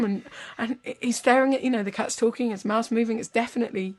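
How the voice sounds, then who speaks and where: A woman's voice: fairly high pitch, fast talker. A woman, rambling through a long joke on a podcast and correcting herself as she goes. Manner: rambling, playful, self-correcting. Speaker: podcast host telling a joke. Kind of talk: casual storytelling.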